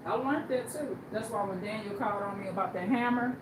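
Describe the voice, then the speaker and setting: A blunt, animated woman telling stories on a livestream, switching into voices for the people she quotes. Her voice sits in a middle range. The room is echoey, and steady background noise runs underneath. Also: medium pitch, brisk. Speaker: livestream host. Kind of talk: casual storytelling on a livestream.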